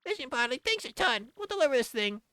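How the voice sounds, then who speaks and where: A man voicing a perky young adventurer in a squeaky, chipper voice for a video game. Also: sing-song, quick pace, sharp tone, smooth, no echo, heavily acted.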